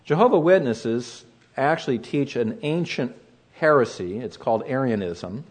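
A pastor giving a measured sermon, slowing down to stress key phrases as he reads and explains scripture. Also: medium pitch, expressive.

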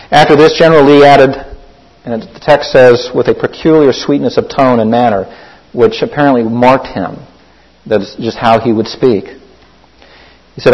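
A man's voice: medium pitch, a little mellow, dull audio. A man preaching an earnest sermon as a pastor, urging his listeners to act on their faith. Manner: earnest, exhorting the congregation.

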